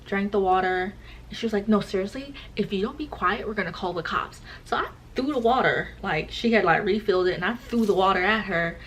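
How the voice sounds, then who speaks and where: A woman's voice: mid-range voice, fairly quick, slight background noise, poor audio. A young woman, telling a personal story in a casual vlog chat and acting out the voices of the people in it. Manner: animated, acts out quoted voices. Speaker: vlogger.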